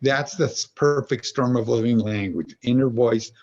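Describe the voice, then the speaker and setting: Guy on a podcast telling stories, raspy kinda gravelly voice, restarts a lot, muffled audio. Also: medium pitch, darkish tone. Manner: storytelling, acts out little voices, halting restarts. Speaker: podcast guest, author. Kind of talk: conversational explanation.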